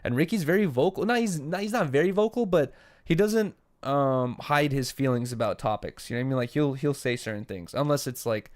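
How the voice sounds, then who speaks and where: A man's voice: mid-range voice, animated, a little fast. Rambling young man on a casual podcast. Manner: rambling, filler-heavy, swearing. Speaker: podcast co-host. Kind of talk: casual chat.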